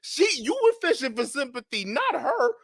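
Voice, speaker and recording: A high-pitched man hosts a livestream in heated commentary. He rants loudly and profanely, often repeating words. His voice is dry and close to the mic. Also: very animated, moderate pace, gravelly, no echo. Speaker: livestream host.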